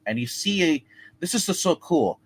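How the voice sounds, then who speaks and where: A man co-hosting a casual movie review show, talking excitedly in rambling sentences with many restarts. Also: on the high side, a little slow, slightly rough, poor audio.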